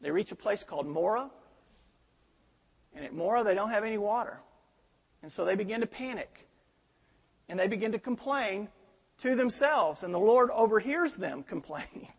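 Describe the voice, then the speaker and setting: Male pastor, middle-aged, sermon, animated storyteller, high husky voice. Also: normal speed, pauses often, in a large hall.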